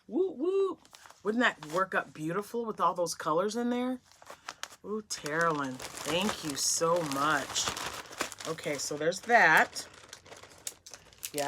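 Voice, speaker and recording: A woman chatting casually in a home craft room, gushing over yarn and often dropping to soft whispers, filmed on a phone on a small tripod. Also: sits low, background noise. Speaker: crochet vlogger. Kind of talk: casual chat, unboxing happy mail. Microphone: phone on a mini tripod.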